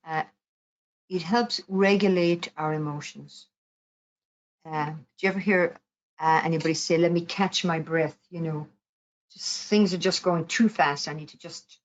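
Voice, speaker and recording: A woman with a notably low voice leads a gentle mindfulness lesson. She explains things calmly and unhurriedly, with soft pauses. The recording is a little dull and lo-fi. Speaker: mindfulness teacher. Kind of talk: guided mindfulness talk.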